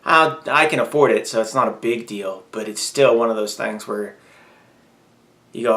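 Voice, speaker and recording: A man's voice: medium pitch, fairly quick, a bit bright. A man talking candidly in a personal vlog, venting and growing heated and emphatic as he goes. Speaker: vlogger.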